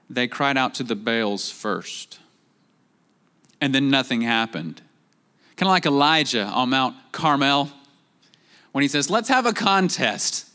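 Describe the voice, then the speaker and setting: A man preaching a sermon, jumping up in pitch to act out quoted voices and dropping to slow, quiet emphasis on key points. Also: smooth. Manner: animated, acts out quoted voices with rising pitch. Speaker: pastor.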